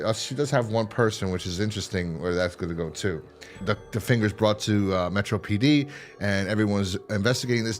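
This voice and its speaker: A man hosting a casual TV review, rambling and swearing as he acts out characters' lines in quick voices. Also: on the low side. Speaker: podcast host reviewing a TV series.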